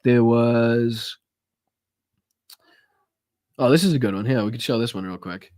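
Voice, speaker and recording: A man's voice: mid-range voice, a little slow, a little mellow. A man hosting a political podcast live from home, chatting loosely, swearing and thanking viewers. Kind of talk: casual live-stream chat.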